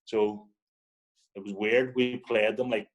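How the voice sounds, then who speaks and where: A man with a Northern Irish accent, a podcast guest telling animated anecdotes and acting out the people in them. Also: fairly low pitch, takes it slowly, highs cut off. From Northern Ireland. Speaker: podcast guest, former footballer. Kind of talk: casual storytelling.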